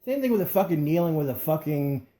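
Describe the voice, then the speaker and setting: A man's voice: on the high side, sing-song, quick pace, dark tone. A man co-hosting a talk show, chatting casually and cursing as he gripes. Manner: profane, joins in the griping. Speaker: podcast co-host. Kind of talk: casual chat.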